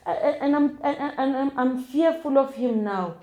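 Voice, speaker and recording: A young South African woman telling a personal testimony as an interview guest, in a halting, hesitant way full of restarts and repeated words. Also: high voice, muffled recording, a loud crowd. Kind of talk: emotional first-person storytelling.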